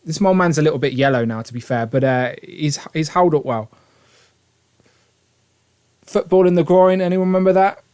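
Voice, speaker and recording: A man's voice: a little high, normal speed, pauses often, a little mellow, clear, resonant tone. A man hosting a toy review livestream in casual, jokey chat, laughing often.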